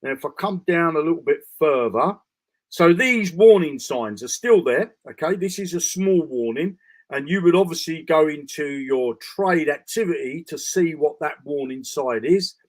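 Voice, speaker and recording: A man with a slightly higher voice explains a crypto bot's screens in a live broadcast. He talks loosely and rambles, restarting sentences and checking in with his viewers as he clicks through. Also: animated, moderate pace. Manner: casual, rambling with restarts and fillers. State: tired, yawning. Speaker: crypto trading bot presenter. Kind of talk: live screen-share walkthrough.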